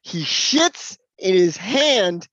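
A man voicing an exasperated woman scolding her brother, shrill and emphatic. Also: very animated, extremely slow, a bit bright, no room sound, dull audio, heavily acted.

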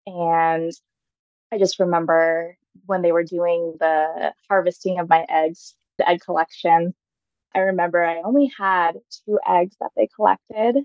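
A woman's voice: fairly low pitch, steady tone, a little slow, no room sound, dull audio. A woman in her thirties, a podcast guest, telling her personal story in a chatty, casual way, full of "like" fillers and frequent laughs. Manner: chatty, heavy use of "like" fillers, laughs often.

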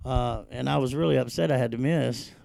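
A man hosting a casual live show, hyping up his guest and giving loud shout-outs to viewers. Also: medium pitch, brisk, gravelly, dry recording, studio quality. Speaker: show host.

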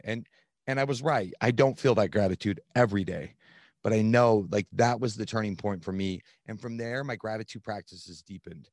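A man in his thirties, a podcast guest, telling his own story in an earnest, animated way with plenty of "like" fillers. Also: lowish voice, normal speed, no room sound, studio quality. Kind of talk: candid storytelling.

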